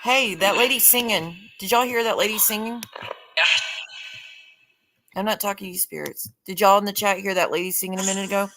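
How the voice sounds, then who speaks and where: A woman hosting a live spirit-box session. She calls out names in a halting way, strains to hear, and talks to her chat. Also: mid-range voice, long reverb tail, music in the background. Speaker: paranormal livestream host.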